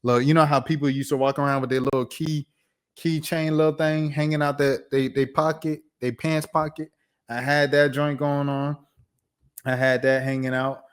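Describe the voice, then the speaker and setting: A man of about thirty tells a story to his channel, loose and slangy, with an animated delivery. His voice sits at an ordinary middle pitch. He talks casually, like he is chatting with friends. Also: normal speed, clean tone. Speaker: YouTuber.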